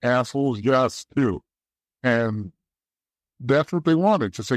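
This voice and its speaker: A man from the East Coast talks through his past as an interview guest, blunt and salty, often doubling back mid-sentence. His voice sits at an ordinary middle pitch, and the sound is dry and close. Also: animated, slow, no room sound. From East Coast of the United States. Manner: blunt and profane, restarts often. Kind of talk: candid storytelling.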